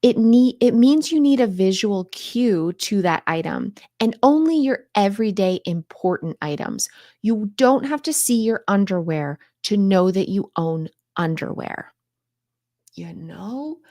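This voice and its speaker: A woman's voice: medium pitch, lively intonation, unhurried, mellow, dry recording, studio quality. A woman hosting a live stream on home organizing, talking straight to her viewers in an upbeat, coaxing way and answering their questions.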